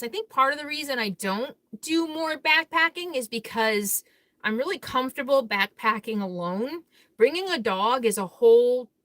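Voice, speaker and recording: A woman with a somewhat high, bright voice chats casually on a live stream, answering viewer comments one after another. She is candid and blunt, and she laughs easily between thoughts. The sound is dry and close, with no room echo. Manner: blunt and outspoken. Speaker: RV vlogger hosting a live Q&A.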